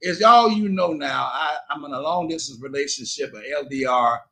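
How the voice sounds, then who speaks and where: Middle-aged guy ranting on his livestream, high bright voice, quotes the whole argument. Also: normal speed. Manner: animated, indignant storytelling with cursing and slang; quotes both sides of an argument. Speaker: livestream host. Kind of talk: casual livestream storytelling.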